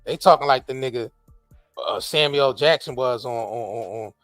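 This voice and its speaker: A man hosting a podcast, talking in a casual, profane, animated way with many restarts. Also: mid-range voice, moderate pace, dry recording, faint music behind. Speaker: podcast host. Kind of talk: casual chat.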